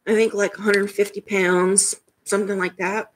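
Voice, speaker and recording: A woman's voice: mid-range voice, level tone, moderate pace, a little hiss or hum, poor audio. A woman with a Southern US accent chatting casually with her live-stream chat at home, laughing often. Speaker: vlogger reading live chat. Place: home room.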